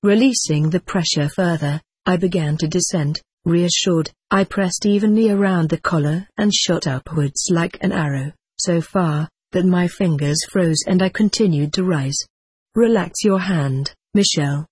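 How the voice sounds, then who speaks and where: An audiobook narrator giving an even, steady first-person reading. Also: mid-range voice, normal speed, few pauses, slightly rough, no echo.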